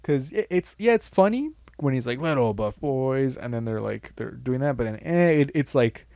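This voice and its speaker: A young man in relaxed podcast banter, rambling and swearing as he acts out lines from sketches. His voice sits in a middle range, and the sound is close and dry with no room echo. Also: moderate pace, gravelly. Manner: rambling, swears, acts out quotes with big pitch jumps. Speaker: podcast co-host. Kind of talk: casual chat.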